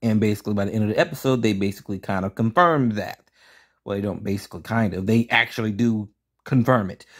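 A man reviewing a cartoon episode in a casual pros-and-cons video, blunt, profane and ranting. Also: lowish voice. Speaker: show reviewer.

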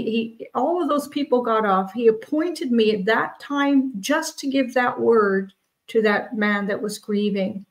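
A woman co-hosting a prayer forum, telling a personal testimony in an earnest, halting way with frequent restarts. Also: a little high, poor audio. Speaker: co-host of a prophetic prayer forum.

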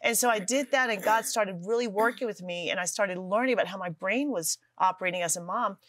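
A woman's voice: medium pitch, a little fast, crowd noise. A middle-aged woman, a guest author, telling her story earnestly with self-deprecating humor on a talk show. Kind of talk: testimony in a studio talk show.

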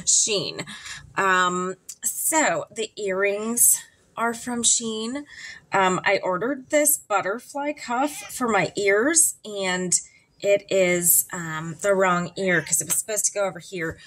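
Woman, makeup vlogger, candid and chatty, unhurried delivery, bright voice. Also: medium pitch. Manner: candid, chatty and animated, with frequent ums. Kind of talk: casual chatty makeup vlog.

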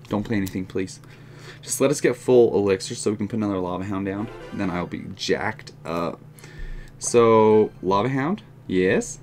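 A man giving casual live commentary on his own gameplay, excitable and quick to laugh or vent. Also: lowish voice, a little hiss or hum. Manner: excitable, swings to frustrated outbursts and laughter; casual, says "oh my heck" and "dude". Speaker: gaming channel host.

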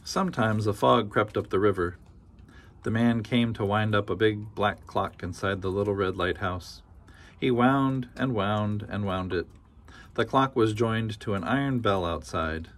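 A man reads a children's picture book aloud, his voice sitting on the low side. He tells the story gently and rhythmically, leaning into its repeated phrases. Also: measured pace. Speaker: storybook reader.

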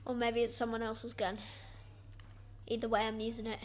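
High-voiced excitable woman gamer. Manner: excitable, self-mocking, quick exclamations. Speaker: gaming YouTuber. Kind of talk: gameplay commentary.

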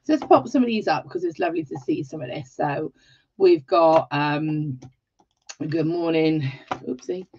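A woman's voice: low voice, a little slow, a little hiss or hum. Chatty English woman hosting a livestream. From England. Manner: warm and chatty, greets viewers by name and exclaims often. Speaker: host of a live jewellery-making tutorial. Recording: slightly dull livestream audio.

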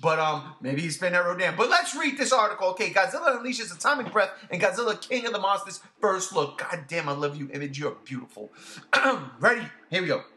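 A man hosting a casual podcast, gushing with excitement, swearing freely and repeating himself. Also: high-pitched, a little fast. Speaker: podcast host.

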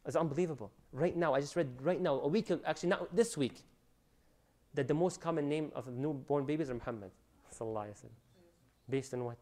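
Man preaching, fast delivery, fairly high voice, animated and emphatic. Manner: animated preaching, rising to loud emphasis, sprinkled with Arabic phrases. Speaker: Islamic lecturer. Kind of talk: religious lecture.

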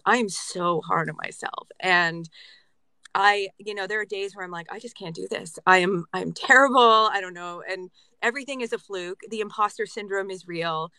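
A woman voice actor from Canada, chatting earnestly on a panel, animated and quick to laugh. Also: mid-range voice, no echo. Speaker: voice actor, guest. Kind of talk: casual panel chat.

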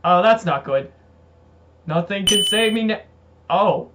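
A man commenting on his gameplay, excitable, exclaiming and reading game text aloud. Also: high-pitched, measured pace, noisy background. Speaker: let's play gamer. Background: loud game music.

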